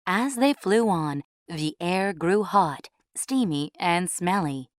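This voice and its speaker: A woman reading a storybook aloud in a clear, measured way for English learners. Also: fairly low pitch, expressive.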